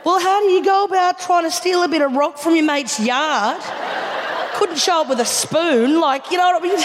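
A woman's voice: very high voice, normal speed. Australian woman comic, live theatre stage, long reverb, faint hiss behind. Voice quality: laughs through lines, swears casually. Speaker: stand-up comedian. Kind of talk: live stand-up storytelling.

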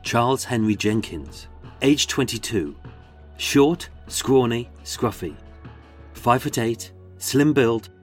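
A man with a Birmingham accent narrating a true-crime walking tour as its host, sardonic and sweary, with dramatic pauses. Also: mid-range voice, soft background music. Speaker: podcast host and tour guide.

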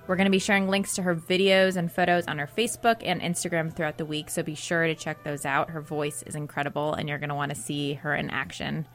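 Low gravelly woman co-host over music. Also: little pitch movement, quick pace, few pauses. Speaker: radio show co-host. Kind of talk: interview and show announcements.

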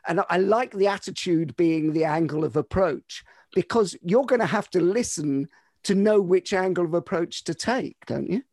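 A man hosting a podcast, asking reflective questions in a halting way. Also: high voice, animated, darkish tone, no room sound. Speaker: podcast host. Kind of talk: interview questions.

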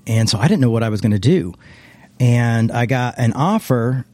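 Mellow-voiced man, meandering reflective storyteller. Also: medium pitch, lively intonation, normal speed, no room sound. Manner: reflective, meandering, frequent restarts. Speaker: interview guest, former pastor. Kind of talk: casual conversational storytelling.

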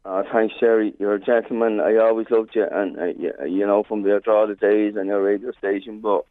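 An Irish man on a thin, tinny phone line, his voice on the low side. He speaks in a shaken, halting way, as a caller to a radio show. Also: level tone, dry recording. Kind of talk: phone interview.

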